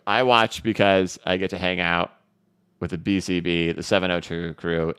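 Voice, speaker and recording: A man's voice: low voice, a bit bright, clean tone. A male crypto livestream host chatting loosely with many fillers while reading out viewer comments.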